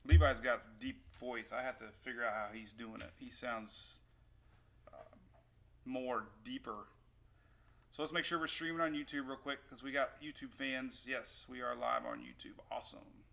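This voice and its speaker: A man's voice: medium pitch, normal speed, vocal fry, a bit bright. A man hosting a casual weather livestream, rambling and upbeat as he chats with viewers. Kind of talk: casual live-stream chat. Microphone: new desktop microphone.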